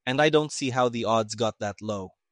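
A man voicing a crisp, matter-of-fact male army major, in a dry recording. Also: mid-range voice, normal speed, fairly bright tone, dry recording, natural voice.

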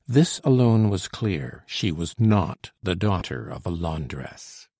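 A man reading a classic historical novel aloud as narrator, in a measured, old-fashioned storytelling manner. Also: sits low, big pitch swings, a little mellow, breathy edge, no echo, clean studio sound.

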